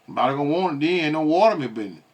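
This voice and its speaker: A man's voice: a little high, animated, rapid-fire, slight background noise. Rambling man reacting to a video. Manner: rambling, stumbling, mocking. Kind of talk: casual reaction commentary.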